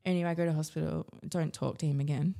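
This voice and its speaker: A woman's voice: deep voice, steady tone, fast talker, gravelly, mellow. An Australian woman speaking as a podcast guest, frankly recounting her story with frequent fillers and casual swearing. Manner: frank, rambling, swears freely, many "like" fillers. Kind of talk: candid personal storytelling.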